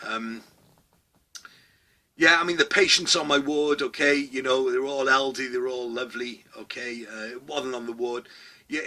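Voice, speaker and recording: A middle-aged man hosting a comedy vlog, ranting loudly, swearing a lot and tagging his lines with "okay?". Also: medium pitch. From Wales. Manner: loud, sweary, rambling, with constant "okay?" asides. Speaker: vlog host. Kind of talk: satirical comedy rant.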